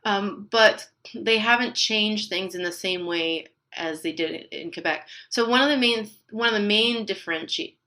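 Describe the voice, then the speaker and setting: A middle-aged woman, chatting as a podcast guest. Her voice is bright and forward. She explains things at length and laughs easily between points. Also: medium pitch, normal speed, few pauses. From Canada. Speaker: linguist guest. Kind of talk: podcast interview.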